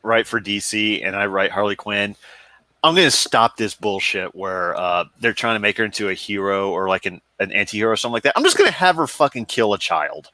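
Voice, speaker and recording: A man's voice: on the low side, lively intonation, a little fast, pushed and bright, dry recording. A man in casual stream chat, blunt, crude and opinionated. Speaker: stream co-host.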